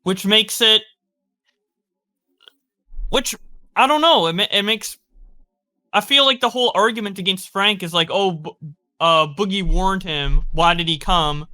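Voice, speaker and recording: A man's voice: high-pitched, a little slow, long pauses, sharp tone. A man co-hosting a podcast, rambling in casual chat with many fillers.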